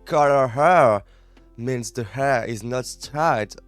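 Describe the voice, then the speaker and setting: A native French speaker with a French accent is reading English lessons aloud on a study live stream, pausing to say words again as he practises pronunciation. He has a medium-pitched, clean-toned voice. There's no room sound, only soft background music.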